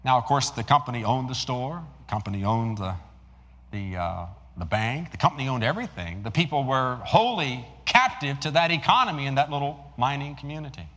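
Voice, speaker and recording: Male preacher, lively pitch, shifts from emphatic to hushed storytelling. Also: a little fast, in a large hall. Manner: rises emphatically then drops to hushed storytelling. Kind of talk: sermon with storytelling.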